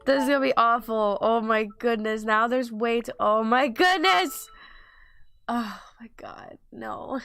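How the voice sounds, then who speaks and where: A woman's voice: a little high, fairly even intonation, normal speed, creaky, hardly any pauses, fairly bright tone, no room sound. A young woman casually commenting on her gameplay, rambling and breaking into panicked outbursts. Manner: rambling, chatty, bursts into panicked exclamations. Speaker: let's play gamer. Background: game music.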